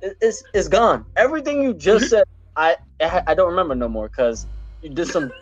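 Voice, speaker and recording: Brief: man co-host ranting loudly with a very lively pitch, dull lo-fi sound. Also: fairly quick, no echo, soft background music. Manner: animated, profane ranting. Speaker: podcast co-host. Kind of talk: casual wrestling chat.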